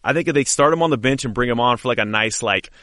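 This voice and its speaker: Bright-voiced rambling podcast co-host. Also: male voice, mid-range voice, fast talker, no echo, studio quality. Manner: eager, rambling, full of restarts. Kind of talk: casual chat.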